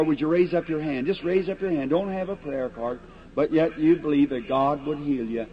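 A man's voice: fairly high pitch, normal speed. A man preaching a revival sermon and calling people up for prayer, in a folksy, plain-spoken, earnest way. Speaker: evangelist preacher. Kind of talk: old-time revival sermon and prayer line. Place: large meeting hall before an audience. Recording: dull lo-fi archival tape with faint hiss.

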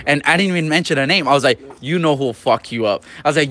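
A young man telling a story in a rambling, profane, animated way during casual trash talk. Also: a little high, rapid-fire, few pauses.

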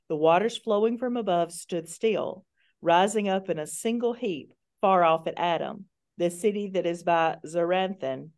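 Woman reading scripture, low voice. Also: darkish tone. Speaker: scripture reader in Bible study.

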